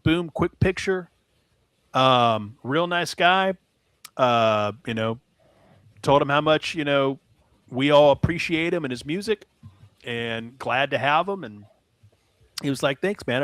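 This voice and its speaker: A man's voice: mid-range voice, fairly bright tone, no echo. A man co-hosting a music podcast, telling a rambling anecdote in casual chat. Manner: rambling anecdote with laughs, acts out voices. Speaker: podcast co-host.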